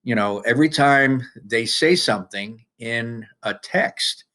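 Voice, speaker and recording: A man teaching students through a worksheet, talking casually with frequent restarts and lively emphasis. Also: mid-range voice, unhurried. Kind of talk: recorded classroom lesson.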